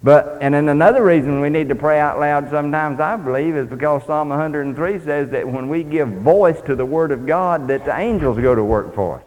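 A man's voice: on the high side, a little fast, few pauses, darkish tone. A man preaching a sermon in a folksy, plainspoken way, reading scripture aloud. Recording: long hall reverb.

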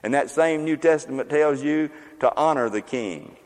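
A man's voice: fairly high pitch, normal speed, a little mellow. An older man preaching a sermon as pastor, in a folksy, joking, conversational way. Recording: long reverb of a large hall.

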